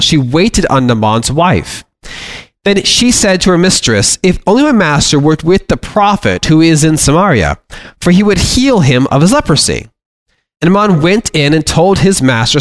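A man's voice: a little high, dry recording. A man teaching a Bible lesson, reading long scripture passages aloud and then explaining them in plain, earnest words.

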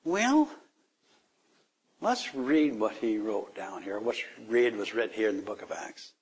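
With a lowish, breathy voice and a somewhat slow pace, a man runs a relaxed Bible study. He reads verses aloud, thinks out loud, laughs, and trades jokes with the group in a lively manner.

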